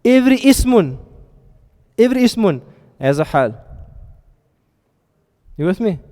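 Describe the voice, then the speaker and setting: A man's voice: sits high, big pitch swings, unhurried, mellow. A man teaching a classroom lesson, often stopping to ask his students questions and check they are following. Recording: reverberant hall sound.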